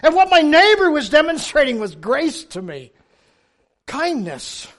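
Animated older man preaching a sermon. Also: extremely high pitch, unhurried. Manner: animated, humorous storytelling with sudden loud emphasis. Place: church.

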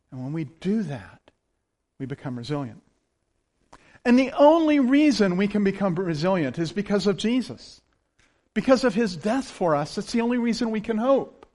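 A man preaching a sermon in a conversational, storytelling way, animated as he speaks. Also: high-pitched. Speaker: pastor.

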